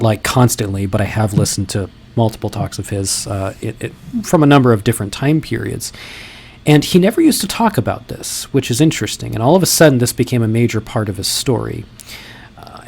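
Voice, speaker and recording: A man's voice: medium pitch, darkish tone, husky. A man hosting his own video, giving casual skeptical commentary in a conversational way with frequent fillers and self-corrections. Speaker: video host.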